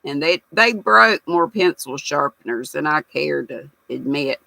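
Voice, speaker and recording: A woman's voice: deep voice, lively intonation, measured pace, creaky, pushed and bright, no echo, low-quality recording. An older woman hosts a casual livestream, reading out viewer comments in a chatty, folksy manner. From United States. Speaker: livestream host reading chat. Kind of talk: casual chat.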